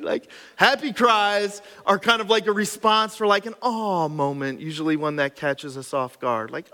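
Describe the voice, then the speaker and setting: A man preaching a sermon, swinging from loud emphatic lines to hushed, intimate ones, with casual asides. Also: a little high, normal speed, long reverb tail. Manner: conversational asides with frequent "right?" and "like". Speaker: pastor.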